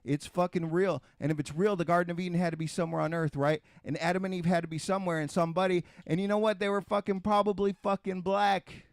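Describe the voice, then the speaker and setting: A middle-aged man on a casual podcast, swearing constantly as he hammers his point home. His voice sits a bit high for a man, and the sound is dry and close, with no room around it. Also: fairly even intonation, quick pace, hardly any pauses, dry recording. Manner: heavily profane, emphatic ranting; repetitive, restarts and rhetorical questions. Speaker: podcast host.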